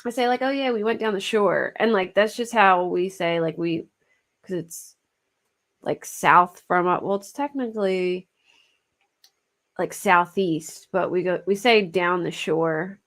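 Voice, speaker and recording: A woman's voice: fairly low pitch, measured pace, fairly bright tone. A woman with a Philadelphia accent chatting casually with her livestream viewers, laughing often and fretting over how she says words. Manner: chatty, laughs often, self-conscious about her pronunciation. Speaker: true crime livestream host. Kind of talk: casual chat with live chat viewers.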